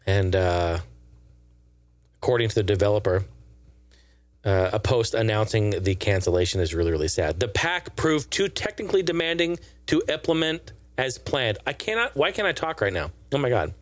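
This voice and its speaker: A man's voice: lowish voice, sing-song, normal speed, dry recording. A man giving casual, profane and sarcastic gaming news commentary in a rambling way.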